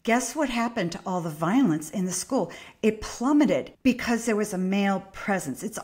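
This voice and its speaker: Woman guest talking parenting, mid pitch, passionate and emphatic, trips over words sometimes. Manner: emphatic and impassioned, with quick restarts. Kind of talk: conversational interview.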